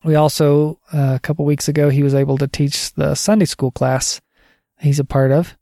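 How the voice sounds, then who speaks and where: A man's voice: on the high side, level tone, normal speed, creaky, dark tone, dry recording, studio quality. A man giving a casual spoken teaching update on discipling others, conversational and digressive, thinking aloud as he goes.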